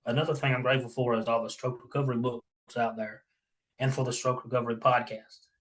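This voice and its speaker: A man's voice: mid-range voice, little pitch movement, fast, fairly bright tone, low-quality recording. A man who survived a stroke, reading his own story aloud in an earnest, grateful way. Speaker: stroke survivor, podcast guest.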